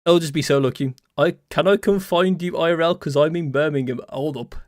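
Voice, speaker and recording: A man's voice: fairly high pitch, brisk, no room sound. Young rambling streamer guy, dry sound. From West Midlands, England. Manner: rambling, repeats phrases, many fillers. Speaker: game coach and streamer. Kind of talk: casual live-stream chat.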